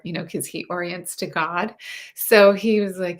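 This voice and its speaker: On a live stream, a woman with a mid-range voice speaks at normal speed straight to viewers, coaching about relationships and intimacy in an earnest, spiritual way.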